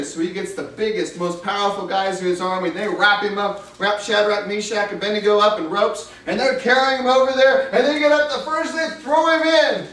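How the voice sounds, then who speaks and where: A man preaching a sermon, retelling a story with dramatic, animated delivery, recorded in an echoey room from a distance. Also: high voice, a little fast, few pauses. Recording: echoey room, distant mic, faint hiss.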